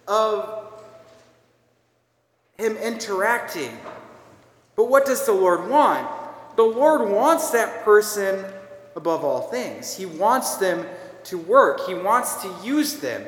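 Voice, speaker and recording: A priest with a Minnesotan accent giving a homily in an earnest, conversational, self-deprecating way. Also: male voice, sits high, measured pace, fairly bright tone. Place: church. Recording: echoey church with long reverb.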